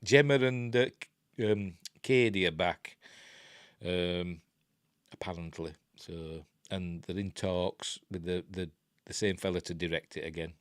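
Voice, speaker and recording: A man's voice: low voice, unhurried, smooth, no room sound, clean studio sound. An older man with a Yorkshire accent, casually talking through a film review with rambling, self-interrupting chat and wry asides. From Yorkshire, England.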